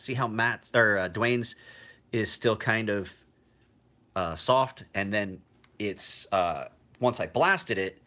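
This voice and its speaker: A man's voice: fairly low pitch, pushed and bright. Rambling, profane man in his forties. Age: 40s. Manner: rambling and profane, with frequent restarts. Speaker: knife maker. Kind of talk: casual livestream chat.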